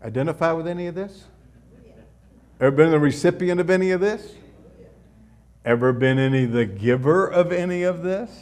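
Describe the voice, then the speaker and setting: A middle-aged male pastor preaching a sermon in a conversational way, asking rhetorical questions and dropping suddenly soft. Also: a little high, moderate pace, pauses often.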